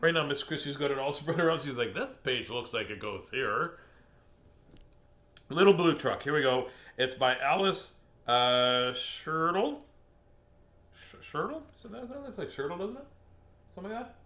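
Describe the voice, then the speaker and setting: A man's voice: a little high, animated, normal speed, a bit bright. A middle-aged man hosting a casual book reading, rambling and laughing as he gets sidetracked. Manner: laughing, chatty, easily sidetracked. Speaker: host reading children's books aloud.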